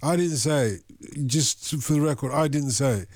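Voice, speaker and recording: A man hosting a late-night radio phone-in, joking in a dry, deadpan way from a studio mic. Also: fairly high pitch, normal speed, dry recording. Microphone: studio microphone.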